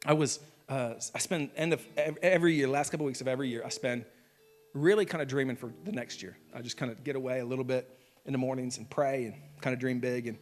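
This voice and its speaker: A man in his thirties, a pastor preaching a sermon from a church stage in an animated, self-mocking way, acting out little dialogues. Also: medium pitch, fast, faint music behind. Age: 30s.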